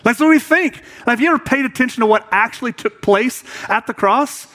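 A man's voice: very high-pitched, brisk, a bit bright. A man in his thirties, a pastor preaching a conversational sermon, often repeating words as he talks.

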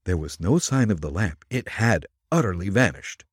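Male podcast narrator, expressive dramatic reading, dry close mic. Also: low voice, moderate pace, breathy edge, no room sound. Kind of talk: storytelling narration.

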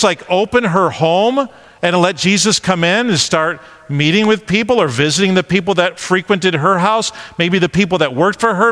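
A man preaching a conversational sermon, animated and full of questions. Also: high voice, long reverb tail.

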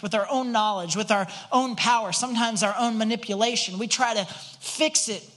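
A man's voice: high-pitched, pushed and bright. An earnest man preaching to his congregation in a loose, conversational way, leaning on rhetorical questions. He often restarts and repeats words as he thinks aloud, and he sounds like a pastor speaking in church on a Sunday morning. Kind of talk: conversational sermon.

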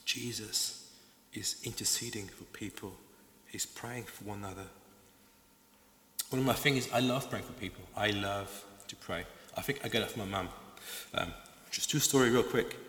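A male preacher delivers a passionate sermon, piling up emphatic repeated phrases. His voice is bright and forceful. The sound rings around a large hall with a long, roomy reverb. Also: fairly low pitch.

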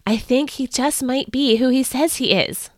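A woman's voice: high-pitched, normal speed, no echo, studio quality, pitched above the performer's own voice, natural voice. Woman reading a worried, confiding councilman. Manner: hushed, worried. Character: anxious male council member, confiding.

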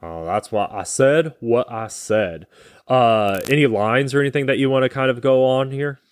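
A man co-hosting a casual podcast about a movie, talking in a rambling, halting way with restarts, sometimes getting emotional. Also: mid-range voice, no room sound, studio quality. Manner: gets emotional in places. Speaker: podcast co-host.

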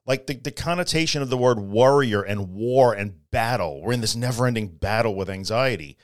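A man's voice: mid-range voice, expressive, normal speed, no echo, studio quality. A middle-aged man hosting a solo podcast, talking casually but earnestly and repeating his key phrases for emphasis. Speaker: podcast host.

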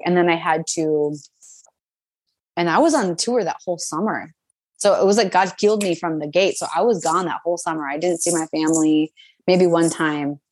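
A young woman telling her personal faith testimony in an interview, animated and full of fillers, acting out what others said. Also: low-pitched, no echo. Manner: animated storytelling, acts out quotes, many fillers. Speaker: guest.

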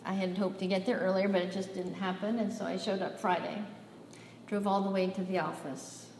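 A woman's voice: mid-range voice, fairly even intonation, fairly quick, darkish tone, a little hiss or hum. A woman preaching a sermon, telling a personal story and acting out the dialogue, rising to emphatic peaks. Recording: echoey hall, voice from far off, faint ambience.

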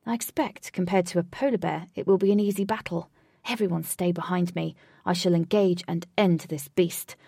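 A woman's voice: fairly low pitch, fairly even intonation, normal speed, gravelly, mellow, breathy edge, no echo, clean studio sound. A woman playing a young male warrior who gives orders and boasts about his fighting. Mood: boastful. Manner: commanding, boastful declarations.

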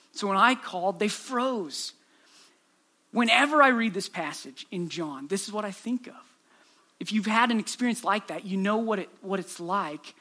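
High-pitched guy preaching, earnest storyteller, lots of rhetorical questions. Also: bright, forceful tone. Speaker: pastor. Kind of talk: sermon.

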